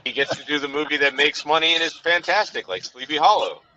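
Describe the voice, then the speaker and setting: His voice is fairly high, with lively intonation and a quick pace, pushed and bright. He's a podcast co-host rambling through a casual film chat from behind the wheel, saying "you know" a lot, captured in dull lo-fi sound with faint noise behind.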